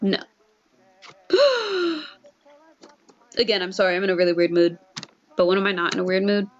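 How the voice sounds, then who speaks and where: A woman's voice: lowish voice, little pitch movement, very fast, muffled recording. Chatty young woman on a headset. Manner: chatty, rambling, self-mocking. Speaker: game streamer. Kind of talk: casual let's-play commentary and reading.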